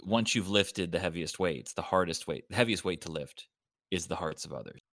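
A man who plays in a tabletop game, chatting casually on a podcast, halting at times, with dry humor. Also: low-pitched, gravelly, fairly bright tone, no echo.

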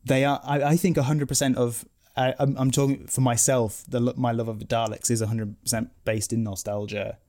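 A man's voice: mid-range voice, flat delivery, brisk, hardly any pauses, a little mellow. A man co-hosting a podcast in casual chat, rambling with many restarts and self-corrections. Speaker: podcast co-host.

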